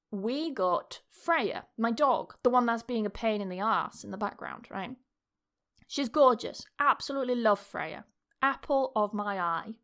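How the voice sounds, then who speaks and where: A young woman, hosting a podcast and telling a story in a rambling, chatty way, swearing freely and laughing often. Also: on the high side. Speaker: podcast host. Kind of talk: casual storytelling monologue.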